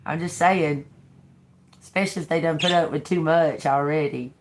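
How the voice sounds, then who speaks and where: A woman's voice: low-pitched, steady tone, normal speed. A woman tarot reader talking in a casual, rambling monologue, blunt, sarcastic and full of swearing, laughing between remarks. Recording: noisy home recording.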